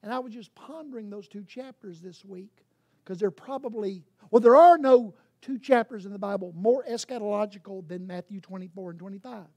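A woman's voice: mid-range voice, fairly quick, mellow. A woman preaching a sermon, emphatic, asking rhetorical questions and sometimes restarting mid-sentence.

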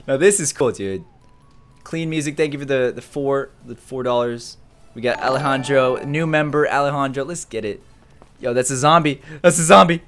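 A young man giving excited live commentary as he streams a game, jumping from mumbling to shouts and laughter. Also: a little high, moderate pace, long pauses, soft background music.

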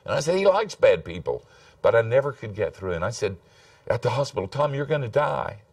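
A man's voice: on the low side, very animated, brisk, darkish tone, no echo, distant mic. An older man, telling stories in a folksy, self-deprecating sermon. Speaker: preacher. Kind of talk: storytelling sermon.

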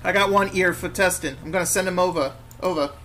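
A man voicing a lazy, corrupt London policeman who talks in loud, scornful slang. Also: sits high, fast talker, slight background noise. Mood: brash.

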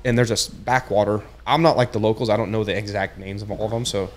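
A young man with a fairly low voice tells his story in an easygoing, laid-back chat. He keeps dropping "dude" into his sentences and acts out the lines he quotes as if he were living the moment again. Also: fairly even intonation, fast. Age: young adult. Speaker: podcast guest, tournament angler. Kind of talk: casual chat.

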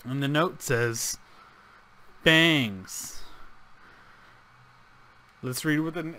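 A man's voice: a little high, normal speed, fairly bright tone. A man hosting a let's play, giving casual gaming commentary in a profane, joking, rambling way.

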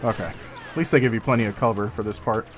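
A man's voice: fairly low pitch, quick pace. Casual swearing gamer guy, noisy mic. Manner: swears casually while playing. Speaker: let's play gamer. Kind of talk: casual gaming commentary.

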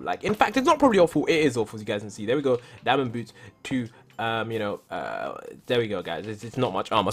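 A young man doing casual Minecraft commentary who keeps talking to his viewers and bursts into shouts when something goes wrong. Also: on the high side, breathy edge. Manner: excitable, talks to viewers, repeats "guys", bursts into shouts. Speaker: gaming YouTuber.

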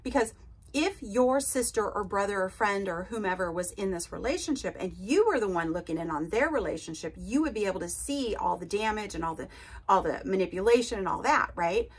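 A woman's voice: medium pitch, expressive, brisk, breathy edge. A woman hosting an advice podcast as a recovery coach, talking casually and emphatically and often checking in with "okay?" and "right?". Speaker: podcast host and narcissistic abuse recovery coach. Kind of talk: casual advice talk to listeners.

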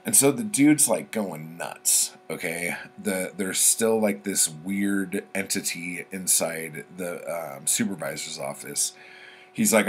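Low-voiced man rambling through a story. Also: measured pace, soft background music. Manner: rambling, heavy with "like" and "um", swears casually. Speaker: book vlogger. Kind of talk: casual spoken book summary.

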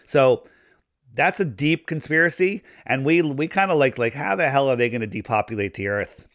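A man speaking as a podcast guest in casual conversation, talking in a rambling, animated way as he loses his voice. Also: mid-range voice, normal speed, no room sound, clean studio sound. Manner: rambling, animated conspiracy talk. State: losing his voice.

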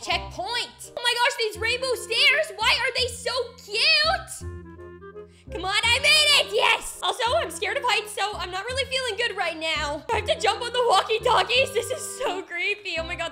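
A young woman narrates her gameplay in a very high, excitable voice. She squeals and gasps as she reacts to the game. Background music plays clearly behind her. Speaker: gaming video host.

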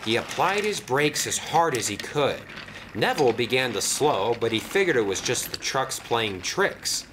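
A man narrating a children's toy train story in an expressive storybook style. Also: mid-range voice, normal speed, background noise. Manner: lively, expressive.

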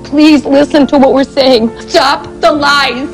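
High-voiced woman making a pleading appeal. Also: steady tone, slow, faint music behind, poor audio. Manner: pleading, forceful short statements. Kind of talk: impassioned appeal.

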